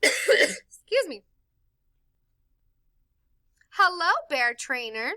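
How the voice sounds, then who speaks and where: A woman reading a picture book aloud to children in an animated, sing-song way, stopping to explain words. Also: high voice, drawn-out words, no echo. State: tickle in her throat. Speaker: storytime reader for children.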